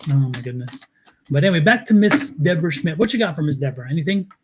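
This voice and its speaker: A man with a Baltimore accent and a fairly high voice, chatting casually on a live tarot stream. He tells stories in an animated, rambling way, his pitch riding up and down. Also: quick pace, a little hiss or hum. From Baltimore, United States. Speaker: tarot reader and co-host.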